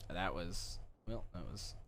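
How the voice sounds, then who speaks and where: A man with a fairly low voice streams a role-play game, talking in character and half-reaching for a Southern drawl. Game noise with hoofbeats runs clearly behind him. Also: unhurried, fairly bright tone.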